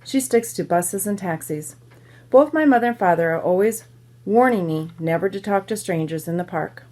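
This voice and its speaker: A woman teacher reading a children's novel aloud to her students, pausing to explain words and ask questions. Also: mid-range voice, lively intonation, a little mellow. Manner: pauses to explain to listeners.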